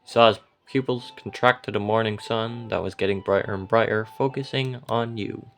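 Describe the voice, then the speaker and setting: Soft-spoken man narrating a story. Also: on the low side, fairly even intonation, faint music behind. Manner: soft, gentle and unhurried. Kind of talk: scripted second-person narration.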